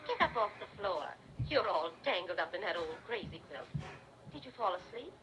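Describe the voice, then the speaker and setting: A woman's voice: medium pitch, big pitch swings, moderate pace, music in the background, close to an everyday voice, poor audio. An actress playing a fretful, caring mother in 1930s radio drama style. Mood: worried. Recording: hissy old radio recording.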